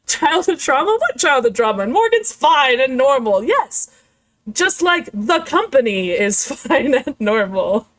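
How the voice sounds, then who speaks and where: A woman VTuber streamer giving casual, excitable commentary on a game, joking, swearing and laughing often. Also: high voice, slow pace, low-quality recording.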